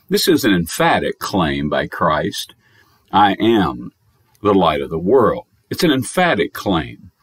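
A male American pastor delivers a pre-recorded sermon in a somewhat low, slightly husky voice. His pitch rises and falls widely as he presses home repeated, emphatic phrases and reads scripture aloud in archaic wording. The recording is close and dry. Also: no room sound. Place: recorded message, dry sound.

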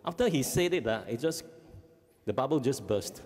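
A man with a Singaporean English accent gives a parenting seminar talk as a family life educator, animated and often checking in with the audience. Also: mid-range voice, normal speed. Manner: animated, acts out kids' voices, frequent "okay?" checks. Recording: long hall reverb.

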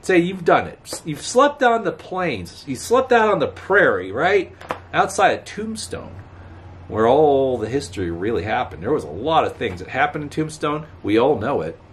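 A man's voice: mid-range voice, sing-song, normal speed. Guy rambling to his camera outside, bouncy up and down voice, some faint street noise. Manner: rambling, chatty, chuckling, talks back to passing traffic. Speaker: vlogger. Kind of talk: casual chat to camera. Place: outdoors by a road. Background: faint outdoor ambience, passing cars.

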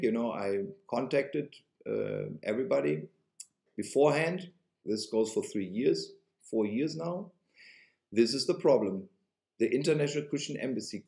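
A man with a German accent rants to camera like a preacher. He is sarcastic and emphatic and repeats his points. His pitch swoops widely, and the echoey room gives his voice a roomy ring. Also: darkish tone. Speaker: online religious video host.

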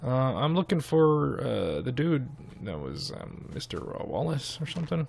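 A man's voice: medium pitch, big pitch swings, measured pace, gravelly, darkish tone, a little hiss or hum. A young man giving chatty, casual gameplay commentary and swearing freely. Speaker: let's play host.

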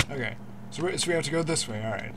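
A young man hosting a casual gameplay commentary, excitable, swearing often, laughing and stammering through restarts. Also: mid-range voice, brisk, background noise. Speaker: gaming channel host.

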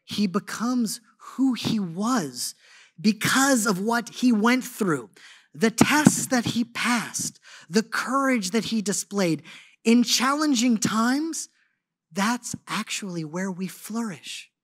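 A man giving a sermon as a guest speaker, telling stories in an animated, conversational way with lots of casual fillers. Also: high-pitched, slow, slightly rough, no room sound, clean studio sound. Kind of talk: storytelling sermon.

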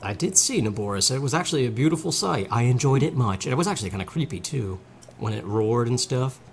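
A man's voice: mid-range voice, animated, fast talker. Jokey man narrating gameplay. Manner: jokey, rambling, self-mocking. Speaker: gaming channel host. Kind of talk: casual gameplay commentary.

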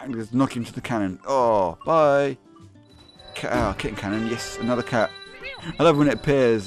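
A young man giving excitable, swearing commentary on a game, laughing often and yelping in high squeaks. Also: normal speed, soft background music. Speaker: gaming video host.

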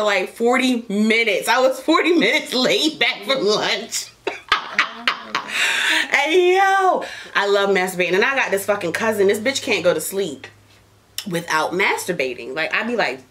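A woman's voice: fairly high pitch, expressive, measured pace, a bit bright. A woman hosting a casual podcast while smoking, talking bluntly and profanely, joking, with laughs and coughs. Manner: laughs and coughs between lines. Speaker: podcast host.

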